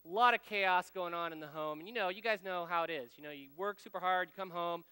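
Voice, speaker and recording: Male speaker, 30s-40s, high and crisp voice, anecdotal sermon style, long hall reverb. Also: fast talker, pushed and bright. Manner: storytelling, folksy, speaks directly to the audience. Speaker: speaker at a men's ministry gathering. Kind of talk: conversational sermon with personal anecdotes.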